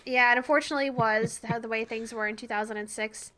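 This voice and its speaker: A young woman co-hosting a podcast in casual chat, playful and quick to laugh. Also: on the high side, steady tone, bright, forceful tone. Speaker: podcast co-host.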